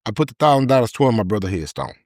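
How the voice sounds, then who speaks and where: A man, a podcast guest telling a candid personal story in an emotional, halting way with many repeated words. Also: fairly low pitch, very animated, darkish tone, no room sound, studio quality.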